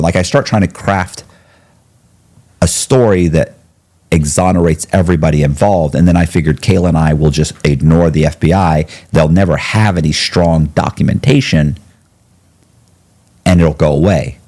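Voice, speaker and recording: A man, a podcast guest, telling his story in conversation, quick restarts and quoted dialogue. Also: low-pitched, darkish tone.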